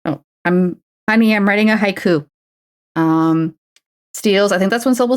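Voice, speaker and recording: Speaking fairly quickly in a lowish voice, a woman streams herself painting a miniature. She chats in a casual, playful way while crafting and coos baby talk at her pet.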